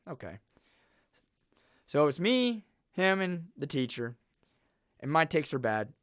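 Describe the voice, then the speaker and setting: A young man tells personal stories in a casual, blunt, animated way. His voice sits a little high for a man. The recording is dry and close. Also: slow, long pauses, no echo. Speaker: vlogger.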